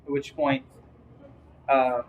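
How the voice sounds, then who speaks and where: A man's voice: medium pitch, monotone, slow pace, lo-fi sound, a little hiss or hum. A man playing a tabletop game, asking hesitant questions in casual chat. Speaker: player.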